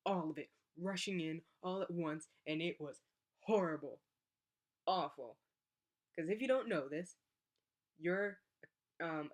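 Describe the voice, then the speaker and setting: A young woman, a college athlete, telling a personal story in a casual vlog and acting out the voices of the people in it. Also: lowish voice. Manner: animated, acts out voices in her story.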